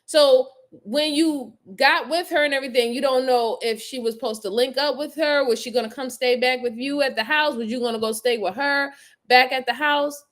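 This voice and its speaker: A woman hosts a casual live stream, chatting through crime footage and reading viewer comments aloud. Her voice is bright and fairly high, and she laughs easily between remarks. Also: moderate pace.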